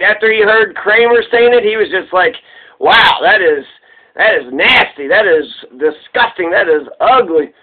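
A man rambling in a casual, profane and joking way while he comments on a comedian. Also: high-pitched. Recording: tinny phone-like sound.

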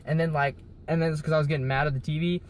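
A man's voice: fairly high pitch, little pitch movement, rapid-fire, slight background noise. A young man hosting a vlog, telling a rambling casual story with many fillers and swearing. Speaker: vlog host.

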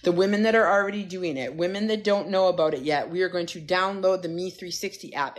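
A woman coach on a phone livestream, giving a fired-up, profane pep talk to her followers. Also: on the low side. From United States. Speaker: wellness coach.

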